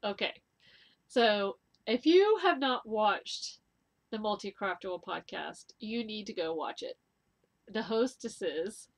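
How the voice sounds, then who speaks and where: A woman's voice: mid-range voice, a bit bright. Woman, middle-aged, knitting podcast host, casual chat to camera, enthusiastic, gushing, filler-heavy. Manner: chatty and enthusiastic, gushing with frequent ums and laughs.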